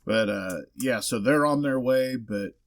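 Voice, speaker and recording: A man co-hosting a podcast, talking in a relaxed, reflective way and drawing on his own life. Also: medium pitch, measured pace, no echo. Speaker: podcast co-host. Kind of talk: casual chat.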